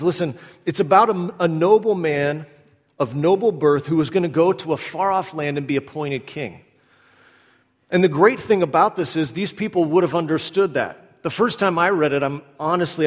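A male pastor delivers a sermon in a casual, storytelling manner, slipping into quick acted-out asides as he explains. His voice sits a little high for a man. The sound carries a long reverb, as if the sermon was recorded in a large hall. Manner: animated, conversational preaching with acted-out asides.

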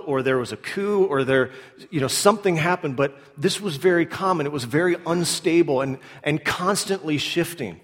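A man preaching a sermon in a relaxed, conversational way, acting out little asides as he explains the passage. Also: on the high side, in a large hall. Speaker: pastor.

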